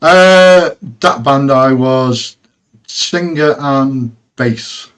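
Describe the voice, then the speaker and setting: A man's voice: mid-range voice, drawn-out words, a bit bright, clear, resonant tone. A man from Stoke-on-Trent with a Midlands English accent, chatting as a guest with dry humour. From Stoke-on-Trent, England. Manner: laid-back, chuckling, dry humour. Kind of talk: casual chat.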